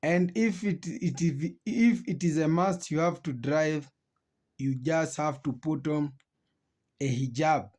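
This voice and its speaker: Slow, higher-voiced male reaction host. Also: a little mellow. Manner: slow, repetitive, restating points. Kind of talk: reaction commentary.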